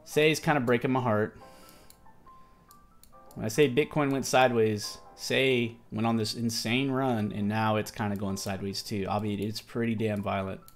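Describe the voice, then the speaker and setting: Over faint music, a man with a lowish, steady voice hosts a casual crypto market livestream at a moderate pace. He's tired and yawning, rambling in slang and restarting his sentences to self-correct.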